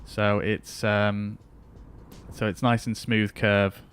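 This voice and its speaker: Flying a flight simulator on stream, a man chats easily with his audience as he goes. His lowish voice is clear, resonant, and fairly bright, though his delivery is flat and slow.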